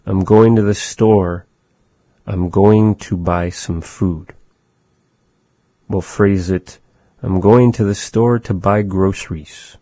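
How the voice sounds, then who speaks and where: A man teaches a language in a thoughtful, halting way, pausing to search for his words. His voice is low, dark and mellow, and he speaks slowly. The recording is dry and close. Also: fairly even intonation, no room sound. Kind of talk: slow spoken language lesson.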